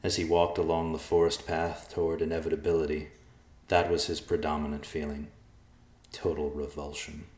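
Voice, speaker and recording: A man narrating an audiobook in a measured, deliberate way. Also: a bass voice, level tone, darkish tone. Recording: echoey room.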